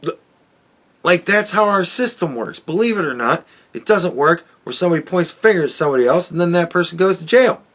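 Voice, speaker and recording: A man's voice: high voice, expressive, a little fast, a bit bright. A man hosting a podcast, talking in a rambling, profane opinion monologue full of restarts. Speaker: podcast host.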